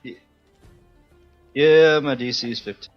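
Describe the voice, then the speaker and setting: Man, tabletop player, dull recording, faint music, laughs a lot. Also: medium pitch. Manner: laughing, hesitant, drawn-out fillers. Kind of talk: tabletop game chat.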